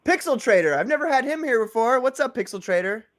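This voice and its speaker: A man's voice: very high voice, expressive, fast talker, a bit bright. A man hosting a casual livestream chat, joking, laughing often and reading viewer comments aloud. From Maryland. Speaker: host.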